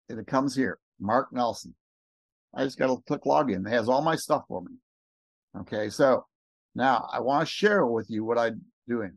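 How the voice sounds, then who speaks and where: An eager man narrating a screen recording, talking quickly and rambling as he clicks through pages. His voice sits at an ordinary pitch and the sound is close and dry, with no room echo. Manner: excited, rambling, talks fast. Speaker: network marketing recruiter. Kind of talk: screen-share walkthrough.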